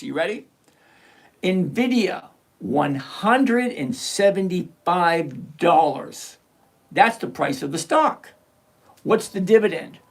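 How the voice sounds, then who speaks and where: He has a high, husky voice with vocal fry. As host of a live stock-picking stream, he sits at his computer reviewing charts, bluntly and sarcastically explaining the numbers the way a chatty teacher would.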